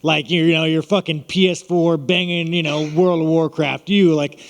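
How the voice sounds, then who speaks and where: American man, higher voice, profane, rambling, joking, long hall reverb. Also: fairly even intonation, normal speed. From United States. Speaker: fighter at a media scrum. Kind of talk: casual media Q&A.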